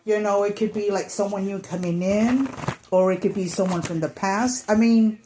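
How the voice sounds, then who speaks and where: A woman gives a casual tarot reading to camera, chatty and full of fillers, sometimes acting out what people might be thinking. Her voice is mid-range and steady at a moderate pace, with a noisy background.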